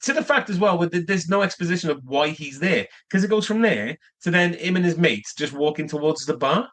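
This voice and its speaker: A man's voice: on the high side, lively intonation, fairly quick, a bit bright. A man co-hosting a casual film podcast, teasing and laughing easily. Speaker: podcast co-host.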